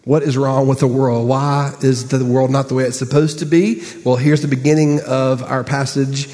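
Pastor preaching in a big echoing hall. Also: male voice, little pitch movement, moderate pace. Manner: storytelling, swinging from high bursts to hushed asides. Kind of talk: sermon.

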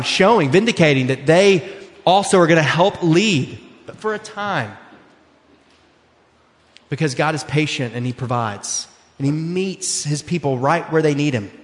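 A man in his thirties preaching a sermon in a church, earnest and conversational, slowing down to stress key words. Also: fairly high pitch. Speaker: pastor. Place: church sanctuary. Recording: long hall reverb.

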